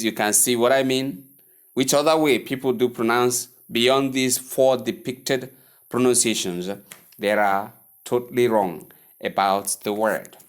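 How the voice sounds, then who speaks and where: A man teaching English pronunciation, repeating each word slowly and drilling it several times. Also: medium pitch. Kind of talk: pronunciation lesson.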